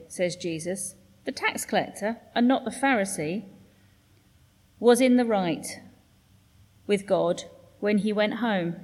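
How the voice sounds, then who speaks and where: A woman reads scripture aloud in a measured, formal way, with a mid-range voice. Her reading echoes through a church with long reverb. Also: medium pitch, a little mellow. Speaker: scripture reader.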